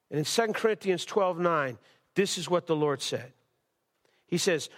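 A man's voice: sits high, lively intonation, normal speed. A male pastor preaching a sermon at a church service, impassioned, repeating words and restarting phrases.

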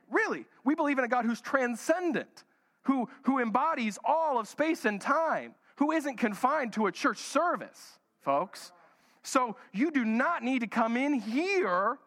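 A pastor in a church hall delivers his sermon with humor, slipping into playful voices for the Bible characters. His voice sits high for a man, and the long reverb of the room trails behind every phrase. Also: a bit bright.

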